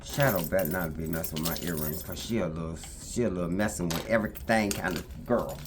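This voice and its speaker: A woman's voice: very deep voice, brisk, noisy background. A woman talking casually to her camera, emphatic and repetitive, now and then breaking off to talk to her puppy. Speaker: vlogger.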